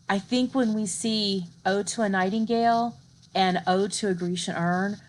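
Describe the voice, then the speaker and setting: Conversational woman lecturer, slightly low voice. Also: a little hiss or hum. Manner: conversational, checks in with "right?", reads poetry aloud slowly. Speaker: literature lecturer. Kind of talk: recorded university lecture.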